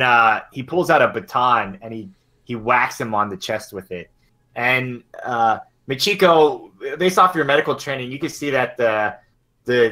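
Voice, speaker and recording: A man's voice: mid-range voice, sharp tone. A man narrating as game master in a loose, casual way with many fillers.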